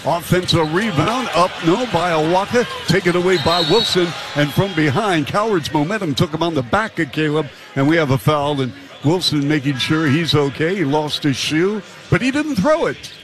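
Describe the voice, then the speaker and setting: Fast, punchy play-by-play man. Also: a little high. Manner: rapid, punchy calls that rise to shouts on big plays. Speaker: play-by-play announcer. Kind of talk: live basketball commentary.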